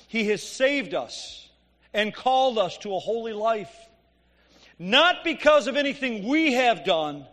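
A man preaching a sermon, reading scripture and explaining it conversationally, his voice swinging from loud emphatic peaks to quiet asides. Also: extremely high pitch. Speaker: pastor. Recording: long hall reverb.

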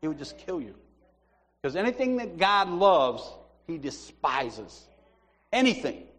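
A middle-aged man preaches in a loose, conversational way, animated as he tells his stories. His voice sits a little high for a man, and a long reverb trails behind it in the church hall. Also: measured pace. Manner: chatty, animated storytelling with laughs. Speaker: church teacher. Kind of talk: informal sermon.

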